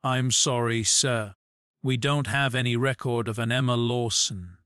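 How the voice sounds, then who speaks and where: A courteous but firm female rental clerk, as a male narrator reads her, plain and matter-of-fact. The delivery is slow, in a dry, close recording. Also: mid-range voice, fairly even intonation, a bit bright, clear, resonant tone, dry recording, close to an everyday voice.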